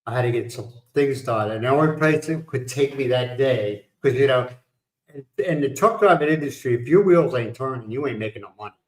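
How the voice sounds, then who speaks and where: A middle-aged man talking casually on a livestream, spinning stories and laughing at his own jokes. His voice sits at an everyday pitch for a man. The room around him rings with echo. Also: a little fast. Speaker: livestream host. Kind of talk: casual chat.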